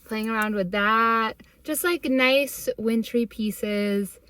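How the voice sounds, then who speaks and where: A woman's voice: fairly high pitch, slow, fairly bright tone, clean tone. A young woman casually narrating her thrift-shopping trip, chatty and enthusiastic, with plenty of filler words. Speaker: fashion vlogger. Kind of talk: casual thrift-haul voice-over.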